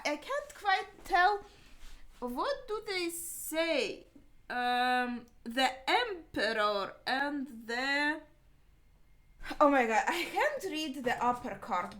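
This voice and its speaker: Woman, non-native English, casual reaction host; rambling, thinks aloud, slightly high voice. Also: a bit bright. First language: not English. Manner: chatty, thinks aloud with many fillers.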